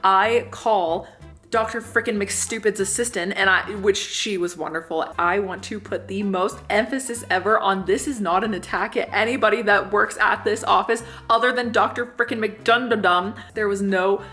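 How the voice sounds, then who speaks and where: A young woman vlogger telling a comedic personal story in an animated way, swearing freely and acting out the people she quotes. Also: medium pitch, moderate pace, faint music behind. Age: young adult.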